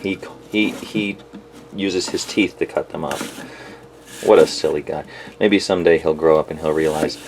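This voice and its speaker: A man's voice: extremely low pitch, steady tone, normal speed, a little hiss or hum. A man reviewing a knife in a home kitchen, talking in a rambling, profane, self-mocking rant to camera.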